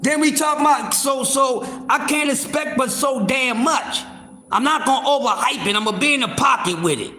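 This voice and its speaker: A man hosts a boxing livestream. His voice is high and bright, and he talks loudly and profanely, with many restarts. The room is echoey, with faint ambience behind him. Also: normal speed, slight background noise. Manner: loud, profane, animated, with repeated fillers and restarts. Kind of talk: casual boxing talk.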